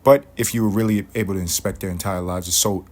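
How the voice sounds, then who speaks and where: A man hosting a podcast, talking alone in a rambling, profane, comedic riff with sudden loud jumps. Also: sits low, steady tone, fast talker. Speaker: podcast host. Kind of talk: solo comedic podcast monologue.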